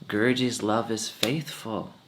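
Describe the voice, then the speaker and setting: With an unhurried pace and fairly even intonation, a man speaks in a lowish, fairly bright voice over slight background noise. He's a swami at satsang, earnestly relating personal stories and quoting his teacher in altered voices.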